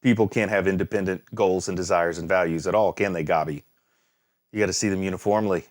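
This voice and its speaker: A man's voice: low-pitched, fairly even intonation, fast. A man hosting an anime reaction, chatting casually, exclaiming and laughing at the screen, then musing aloud. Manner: muses aloud, thinking things through.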